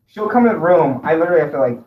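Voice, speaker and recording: A man's voice: on the high side, expressive, rapid-fire, phone-quality sound, a little hiss or hum. Rambling chatty man in an echoey room. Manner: rambling, many "like" fillers, laughs easily. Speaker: podcast co-host. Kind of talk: casual chat.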